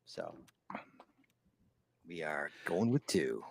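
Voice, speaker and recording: A man hosting a live podcast, chatting casually and teasing his co-host with quick laughs and repeated words. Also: rumbling low, wildly swooping pitch, vocal fry, husky, no echo.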